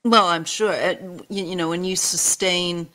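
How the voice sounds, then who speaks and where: A woman hosting a casual livestream chat, gentle and unhurried, reading viewer comments aloud. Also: lowish voice, steady tone. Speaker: host.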